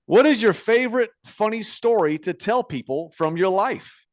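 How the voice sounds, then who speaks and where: A man's voice: high-pitched, animated, normal speed, dry recording, studio quality. A man in his forties co-hosting a casual podcast, reading listener emails and often breaking into laughter between stumbling restarts. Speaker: podcast co-host.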